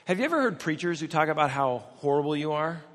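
American guy preaching, kinda high voice, joking around with the crowd, big hall echo on it. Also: very animated, fast, fairly bright tone. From United States. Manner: conversational, joking asides to the audience. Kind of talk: sermon with humorous storytelling. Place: large church or conference hall. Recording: long hall reverb.

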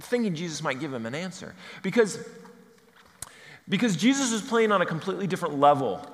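A man's voice: high voice, sing-song, fairly quick. A man preaching a conversational sermon, playful and humorous, acting out bits of dialogue. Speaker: pastor. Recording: long reverb of a large hall.

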